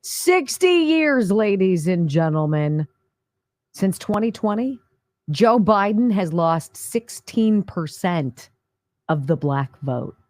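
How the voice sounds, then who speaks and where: A woman's voice: fairly low pitch, animated, slow pace, dark tone, no echo. A middle-aged woman hosting a talk radio show, emphatic and sarcastic as she comments. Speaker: radio host.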